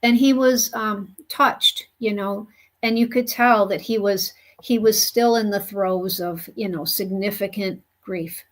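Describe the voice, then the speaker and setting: A woman speaks at a slow, unhurried pace, recounting her experience earnestly. Her pitch sits in a middle register, and she fills her talk with "you know" as she shares the story as a spiritual medium. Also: steady tone. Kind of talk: storytelling monologue.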